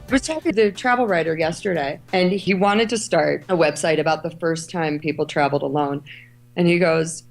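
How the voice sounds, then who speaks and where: Over soft background music, a middle-aged woman from Ohio and Kentucky talks in a deep, slightly fast voice with vocal fry. She's a travel writer and editor appearing as an interview guest, animatedly telling stories and acting out quoted voices.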